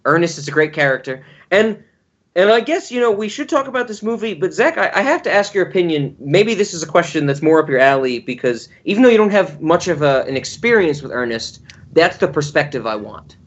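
A man's voice: a little high, lively intonation, brisk, lo-fi sound. A man co-hosting a podcast, giving long-winded, rambling explanations in casual chat. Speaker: podcast co-host.

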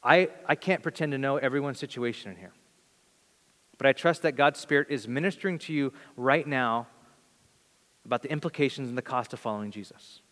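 Animated male preacher in a reverberant hall. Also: mid-range voice, fairly quick. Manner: animated, acts out quoted voices, occasional stammers. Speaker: pastor. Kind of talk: sermon. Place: church sanctuary. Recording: long reverb of a church hall.

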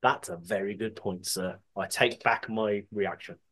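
A man's voice: lowish voice, steady tone, unhurried, a bit bright. A man co-hosting a podcast in casual comedic chat, laughing often and swearing freely. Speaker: podcast co-host.

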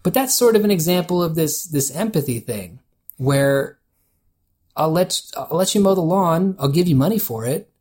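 A man's voice: a little high, lively intonation, moderate pace, a little mellow, breathy edge. A man co-hosting a podcast, casually telling a story, laughing often and quoting people in a loose voice. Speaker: podcast co-host.

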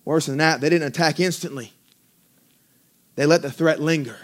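A man preaching a sermon as pastor, mixing conversational asides with rising, drawn-out emphasis. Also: a little high. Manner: conversational asides with self-deprecating laughs.

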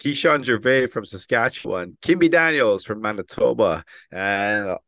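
A man with a fairly low voice co-hosts a relaxed podcast, laughing often as he reads guest names from his phone. The sound is dry and close, with no room echo. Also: measured pace. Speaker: podcast co-host. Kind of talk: casual podcast chat.

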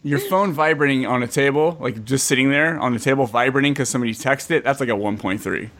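A man's voice: mid-range voice, fast, fairly bright tone. A man from California co-hosting a podcast, chatting casually, laughing often and telling stories with impressions. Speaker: podcast co-host. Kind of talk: casual banter.

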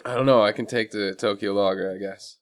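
A married man co-hosting a casual beer-tasting podcast, laid-back and telling dry deadpan jokes. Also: on the low side, fairly quick. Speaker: podcast co-host. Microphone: studio microphone.

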